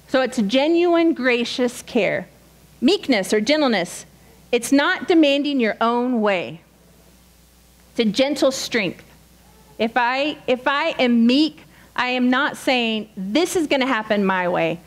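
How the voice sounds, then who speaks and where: A woman's voice: fairly high pitch, lively intonation, a little slow, low-quality recording. A woman giving a sermon at a women's retreat, earnest and direct, teaching with quoted asides. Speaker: retreat speaker. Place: retreat session hall.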